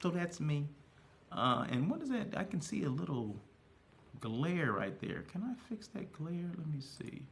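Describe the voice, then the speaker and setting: A man's voice: fairly high pitch, very animated, unhurried, vocal fry, a little hiss or hum. A middle-aged man hosting a casual livestream from a hotel room, chatty and repetitive, often asking his viewers questions. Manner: chatty, repeats himself, asks viewers questions. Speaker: hospitality livestream host.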